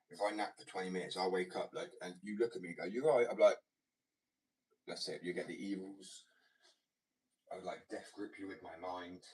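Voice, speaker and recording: Young guy, very low voice, rambly and sweary, sounds a bit far from the mic. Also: a little mellow. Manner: rambling, sweary, drifts into whispers. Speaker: vlogger. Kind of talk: casual rambling chat. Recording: far from mic, faint noise.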